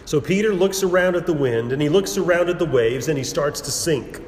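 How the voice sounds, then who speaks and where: A man preaching a sermon in a measured, emphatic way, building repeated phrases and pausing for effect, recorded in a church sanctuary. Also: on the high side, lively intonation, a little mellow. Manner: measured, emphatic preaching with repetition and dramatic pauses. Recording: roomy hall with long reverb and faint background noise.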